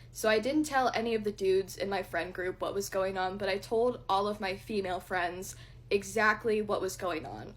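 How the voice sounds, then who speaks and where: A young woman speaks in a storytime vlog, recounting events plainly and bluntly while getting ready. Her voice sits at a middling pitch for a woman, and her delivery is candid and unvarnished, with occasional swearing. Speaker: vlogger. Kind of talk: storytime while doing makeup.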